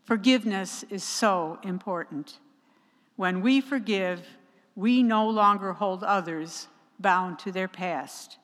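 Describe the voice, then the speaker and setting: A woman delivers a sermon at an unhurried, deliberate pace, leaning on each phrase with measured pauses. Her voice is bright and forceful. A long church reverb trails behind every line. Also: medium pitch. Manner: slow and emphatic, with measured pauses. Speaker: preacher.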